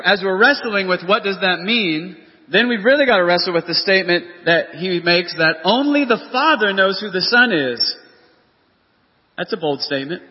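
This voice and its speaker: Earnest male pastor preaching in a reverberant hall. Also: high voice. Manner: earnest, rhetorical questions, reads scripture aloud. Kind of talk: sermon. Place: church hall. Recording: dull lo-fi audio with long church reverb.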